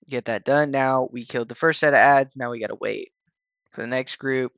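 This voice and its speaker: A man casually talking viewers through a video game raid fight in a relaxed, rambling way, with lots of fillers and restarts. He sounds a little tired. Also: medium pitch, brisk, gravelly, smooth, no room sound, highs cut off. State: tired, yawning. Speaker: gaming channel host explaining a raid. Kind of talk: casual gameplay walkthrough voice-over.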